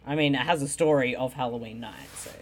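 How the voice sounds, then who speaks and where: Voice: medium pitch, fast talker, a little hiss or hum. A podcast co-host in casual movie chat, dry and sarcastic.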